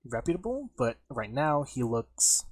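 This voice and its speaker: Rambling husky game master man. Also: mid-range voice, very animated, unhurried, dry recording. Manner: rambling, lots of fillers. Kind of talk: narrating a tabletop game.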